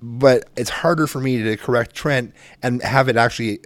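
A man's voice: mid-range voice, moderate pace, no echo. Frustrated rambling middle-aged man. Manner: rambling, profane, frustrated storytelling. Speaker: parent in a couple's chat. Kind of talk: casual conversation.

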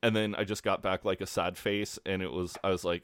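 A man's voice: low voice, fairly even intonation, brisk, a bit bright, clear, resonant tone, no room sound, studio quality. A man co-hosting a podcast, recapping episodes from his notes in a laid-back, chatty way and laughing often. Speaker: podcast co-host. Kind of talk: casual podcast recap chat.

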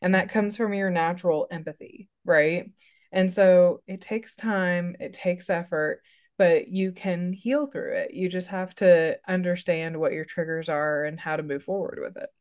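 A woman therapist as a podcast guest, chatting casually and telling lively stories. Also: fairly low pitch, a little slow. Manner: animated storyteller who acts out quotes. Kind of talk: casual interview chat.

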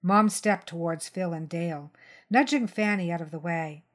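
A woman reading a crime short story aloud in first person, steady and tense. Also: on the low side, moderate pace. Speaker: story reader.

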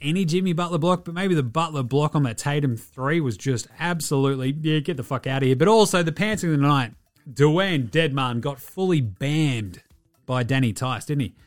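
A man's voice: fairly high pitch, expressive, moderate pace, faint music behind. A man hosting a podcast, giving a casual, profane, rambling basketball recap. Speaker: podcast host.

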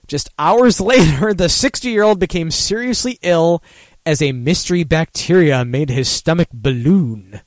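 A man's voice: fairly high pitch, expressive, normal speed, dry recording. A man hosting a casual talk show, rambling and swearing freely while laughing at his own jokes. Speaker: host. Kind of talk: casual talk-radio banter.

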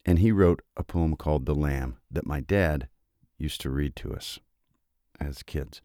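Very deep-voiced man, soft and halting. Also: dry recording, studio quality. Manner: soft-spoken, halting, emotional. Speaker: podcast host. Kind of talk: casual reading and reflection.

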